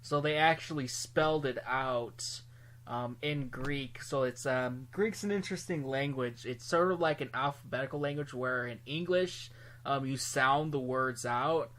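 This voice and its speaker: Man, mid-pitched, casual bible commentary, hesitant, lots of ums. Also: unhurried, fairly bright tone. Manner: hesitant, full of ums and restarts. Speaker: Bible study video host.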